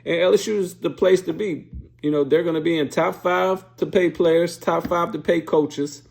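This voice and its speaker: A man's voice: fairly high pitch, steady tone, moderate pace, vocal fry, a little mellow. A man hosting a sports show, giving blunt, profane, fired-up casual opinion commentary.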